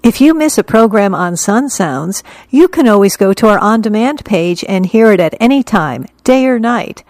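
A woman's voice: mid-range voice, animated, normal speed, few pauses, a little mellow, no echo. Woman reading a radio station announcement.

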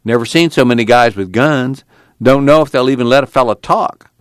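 A man's voice: mid-range voice, brisk, clear, resonant tone, dry recording, pitched above the performer's own voice, close to an everyday voice. A man doing a weary drawling farmhand. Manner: flat, blunt, tired. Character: weary plainspoken young farmhand. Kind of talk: audiobook character voice.

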